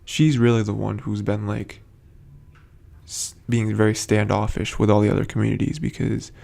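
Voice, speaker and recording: A man's voice: on the low side, little pitch movement, moderate pace, creaky, dark tone. A man hosting a casual, rambling TV episode recap, full of hesitant fillers. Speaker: host.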